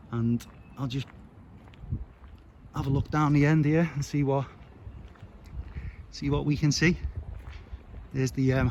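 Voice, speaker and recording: A man's voice: mid-range voice, poor audio. Chatty man walking outdoors, traffic behind. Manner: chatty, rambling, with fillers. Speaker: vlogger. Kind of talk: casual walking vlog narration. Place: outdoors on a street.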